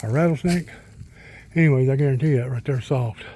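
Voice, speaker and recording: This casual outdoor vlog has a middle-aged man strolling by a countryside pond, talking to his dog in a folksy, wandering way. He speaks briskly in a mid-range, dark voice, with a little hiss or hum on the recording.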